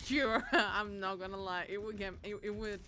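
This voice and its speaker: A woman's voice: medium pitch, measured pace, pushed and bright, slight background noise. A young woman streaming a game, chatting playfully with viewers and slipping into Spanish. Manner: playful, giggly, switches into Spanish. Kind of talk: casual gaming stream chat.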